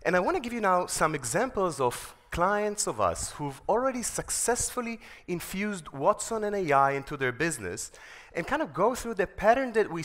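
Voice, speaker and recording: A man whose first language is Hebrew, giving a conference keynote with storytelling and an enthusiastic pitch. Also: fairly bright tone. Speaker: keynote speaker. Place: conference stage.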